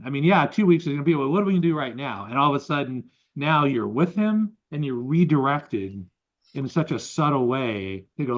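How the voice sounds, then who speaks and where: A man's voice: mid-range voice, brisk, highs cut off. A man co-hosting a podcast, chatting casually and explaining ideas with examples. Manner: animated, explains with examples and quotes. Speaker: podcast co-host. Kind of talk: casual conversation.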